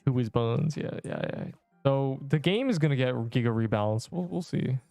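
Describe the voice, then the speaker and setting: A man's voice: mid-range voice, normal speed, warm tone, dry recording, faint music behind. A man rambling casually through gameplay commentary on a livestream, slangy and loose, tossing in "bro" and casual swearing. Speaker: streamer.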